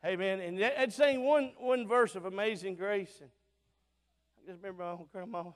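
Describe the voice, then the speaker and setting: A man from Alabama with a Southern accent preaching a revival sermon through a sound system in a church auditorium, fervent and plain-spoken, swinging between loud bursts and soft asides. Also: high-pitched, moderate pace. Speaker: visiting preacher. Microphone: church sound system mic. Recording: long auditorium reverb.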